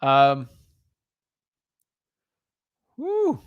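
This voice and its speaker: A man's voice: mid-range voice, huge pitch swings, drawn-out words, no room sound, highs cut off. A young man co-hosting a live stream, talking emphatically and repeating his points. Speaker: co-host of a live real estate stream.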